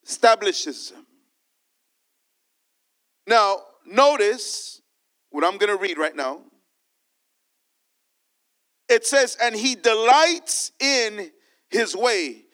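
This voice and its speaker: A man's voice: high voice, a bit bright. A man preaching a sermon as pastor, repeating his points and calling out to the church.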